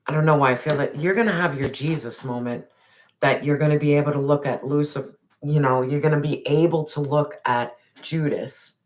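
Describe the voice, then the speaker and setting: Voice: medium pitch, fairly even intonation, a little fast. A tarot reader giving a spiritual reading straight to the viewer, emphatic and repetitive, with casual slang and the odd swear.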